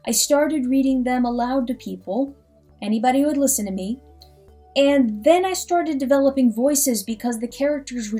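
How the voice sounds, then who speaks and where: A young adult woman with a fairly high voice chats in a relaxed, unscripted way as the host of her reading channel. She sounds eager and animated throughout, and soft music plays faintly behind her. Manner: enthusiastic, animated. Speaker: audiobook reader and channel host. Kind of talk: casual ad-libbed talk.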